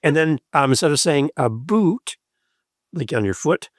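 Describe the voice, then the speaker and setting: A man's voice: on the high side, animated, a little slow, no echo, clean studio sound. A man hosting a podcast, chatty, upbeat and jokey. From Canada. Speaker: podcast host. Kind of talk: casual chat.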